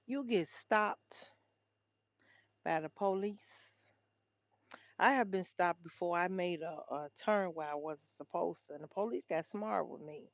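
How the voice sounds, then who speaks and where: A woman's voice: fairly low pitch, measured pace, no room sound. Woman livestream host, chatty, talks straight to her viewers, dull dry lo-fi sound. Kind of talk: casual livestream chat reading headlines.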